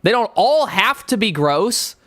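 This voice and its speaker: A man's voice: high voice, sing-song, a little slow, fairly bright tone, no room sound. A man streaming live, reacting with sarcastic, mocking jokes and asides.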